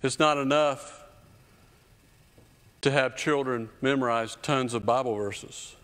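A man's voice: medium pitch, slow pace, fairly bright tone. Fiftyish guy preaching from a church stage, punchy repeats, big echoey hall. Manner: emphatic and repetitive, building with rising intensity. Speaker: children's pastor. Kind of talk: sermon.

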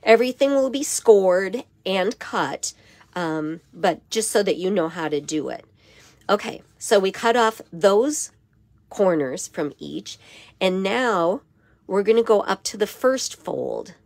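A hoarse woman with a raspy voice giving a step-by-step papercraft tutorial in her craft studio. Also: mid-range voice, lively intonation, slow pace, a little mellow, no echo. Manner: step-by-step instruction with frequent okays. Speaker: papercraft demonstrator.

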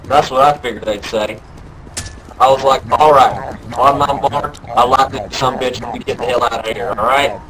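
A man voicing a rambling young Southern good-ol'-boy who drawls through a story and bursts into yelled quotes, over game voice chat. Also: mid-range voice, normal speed, a crowd in the background, lightly acted, rough recording. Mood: tall tale.

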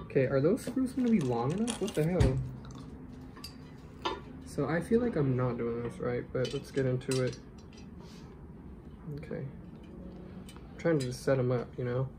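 A man's voice: medium pitch, unhurried, long pauses. A man vlogging casually at home while assembling a stand, talking to himself and getting frustrated. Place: room at home. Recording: noisy room sound.

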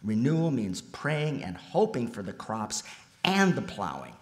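A man delivering a sermon in a church, alternating between loud, emphatic lines and soft, almost whispered ones. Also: mid-range voice, huge pitch swings, a little slow. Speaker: lay preacher. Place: church sanctuary. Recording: long hall reverb.

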